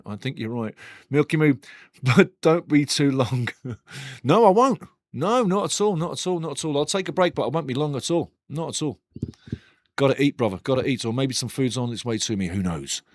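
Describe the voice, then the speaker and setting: In a mid-range voice with no echo, a man from the United Kingdom hosts a live football watch-along. He's chatty and jokey, swears casually and repeats himself while mixing stream chat with match commentary.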